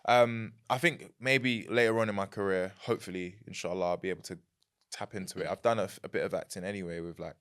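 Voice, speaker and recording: A young man with a London accent, chatting as a podcast guest, animated and quick to laugh. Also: low voice, smooth. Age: young adult. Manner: animated, laughs easily, repeats words. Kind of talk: casual chat.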